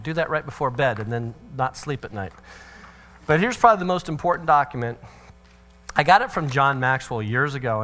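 A man's voice: mid-range voice, fairly bright tone. A middle-aged male pastor giving a conversational, joking parenting talk at church and acting out quotes in changed voices.

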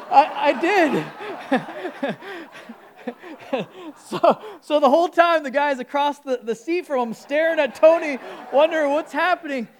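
A woman preacher with a fairly high voice, talking to her congregation in a loose, conversational way. She stumbles and restarts often, then picks up energy as she tells a story. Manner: conversational, halting restarts, grows animated. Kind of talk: sermon storytelling.

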